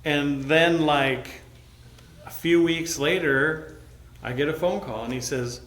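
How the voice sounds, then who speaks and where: A man's voice: on the high side, slow pace, fairly bright tone. A man preaching as a pastor, casually retelling a personal story and acting out what people said. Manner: casual, conversational retelling with acted-out quotes. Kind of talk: sermon storytelling. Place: church sanctuary. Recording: echoey church hall.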